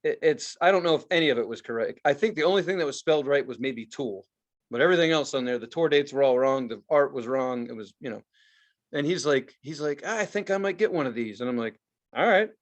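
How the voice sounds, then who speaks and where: A man co-hosting a podcast, telling a story in casual chat, swearing a lot and acting out quotes loudly. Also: mid-range voice, fast, lo-fi sound. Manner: profane, animated storytelling with loud acted-out quotes. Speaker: podcast co-host.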